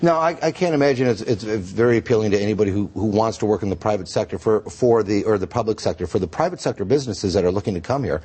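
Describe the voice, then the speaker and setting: Man, low and a bit husky, studio guest, emphatic and earnest. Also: quick pace, few pauses, a little mellow. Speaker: state senator, guest. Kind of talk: TV news interview.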